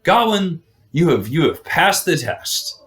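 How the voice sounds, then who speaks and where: A man voicing a towering, jovial green knight who teases in a high, theatrical storyteller voice. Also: very animated, takes it slowly, fairly bright tone, full character voice. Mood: grandly pleased.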